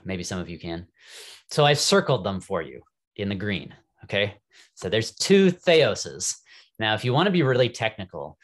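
Male Bible class teacher, young adult, lively wry lecture delivery. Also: on the low side. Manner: animated, wry, thinking aloud.

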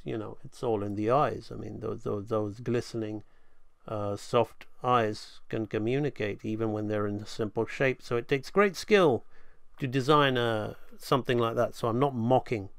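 Guy rambling through a drawing lesson, gravelly but smooth voice, dry sound. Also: mid-range voice, dry recording. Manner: rambling, thinks aloud, restarts often. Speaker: animation instructor. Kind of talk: live drawing tutorial. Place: home drawing setup.

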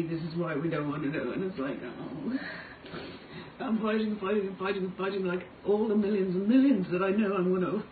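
Irish woman, raw and pleading, tinny echo. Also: medium pitch. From Ireland. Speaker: singer making a personal video. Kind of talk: emotional confessional monologue. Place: motel room. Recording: echoey, distant, tinny phone-like audio with faint noise.

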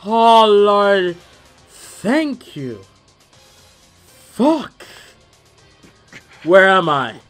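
A man commentating his own video game, hyped and loud, yelling and cursing at the characters on screen. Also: high-pitched, big pitch swings, drawn-out words, pauses often, faint music behind. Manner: hyped, profane trash talk; yells at the screen. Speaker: gamer. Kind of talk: let's play commentary.

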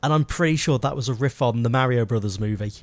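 A man co-hosting a casual talk show, chatty and animated. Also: mid-range voice, fast. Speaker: podcast co-host. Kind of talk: casual chat.

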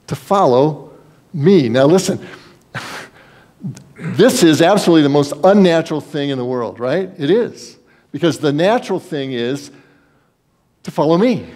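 A man's voice: fairly high pitch, darkish tone. A man preaching a sermon as pastor, earnest and conversational, with folksy asides.

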